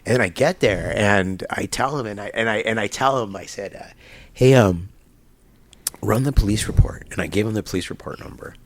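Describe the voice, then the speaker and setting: A middle-aged man telling a long personal story in an interview at a barbershop, halting and rambling, acting out the people he quotes. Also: fairly low pitch. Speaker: guest.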